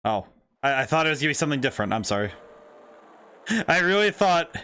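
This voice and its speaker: Excitable, laughing man streaming a game. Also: on the high side, brisk, clear, resonant tone. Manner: laughs often, excitable, reads game text aloud. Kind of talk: casual let's-play commentary.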